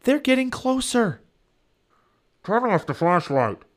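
A man voicing an eager, bold little girl in a storybook read-aloud, jumping into high, excited bursts. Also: normal speed, vocal fry, slightly rough, full character voice.

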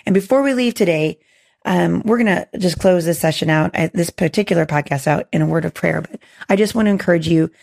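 A woman hosting a faith podcast, hoarse with a gravelly voice, earnest and encouraging with many restarts. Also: on the low side, brisk, darkish tone. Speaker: podcast host.

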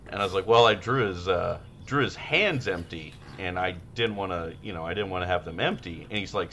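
A man co-hosting a podcast in casual chat, rowdy and profane, who shouts when acting out his stories. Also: deep voice, a little fast, few pauses, slight background noise. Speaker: podcast co-host.

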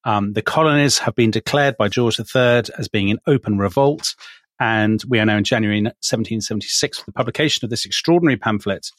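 A man hosting a history podcast, talking briskly with wry, hedging asides. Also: fairly low pitch, fairly bright tone, no echo. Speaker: podcast host.

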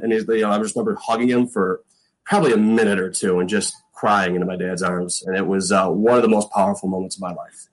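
A middle-aged man with a very low voice recounts his football days in a relaxed interview. His talk rambles along with plenty of fillers, and he acts out what others said to him. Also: a little fast, poor audio. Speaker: guest, former pro football punter. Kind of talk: casual storytelling interview.

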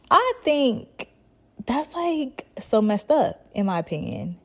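A woman's voice: medium pitch, very animated, measured pace. A young woman hosting a podcast, retelling a show in a chatty, slangy way full of fillers. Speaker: podcast host. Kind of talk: casual storytelling monologue.

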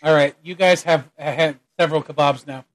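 Game master, man, somewhat higher voice, relaxed narration with many ums. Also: normal speed. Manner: relaxed, chuckling, hesitant fillers.

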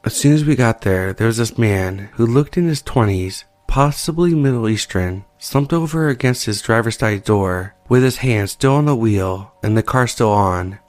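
A man calmly reading listener-sent creepy stories aloud, as the show's narrator. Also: fairly low pitch, moderate pace, few pauses, dry recording. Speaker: horror story narrator. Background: soft background music.

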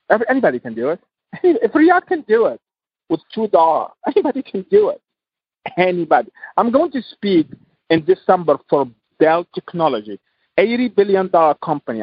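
This Tunisian entrepreneur, a guest on a podcast interview, has a somewhat high, husky voice. He talks passionately in English, stressing and repeating his points, and the recording is dry with the highs cut off.

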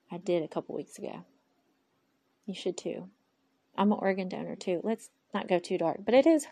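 This podcast host talks openly into her phone in a loose, unplanned monologue, musing aloud to herself and bringing God into the conversation. Her lowish voice is gravelly, slightly husky, and a little mellow.

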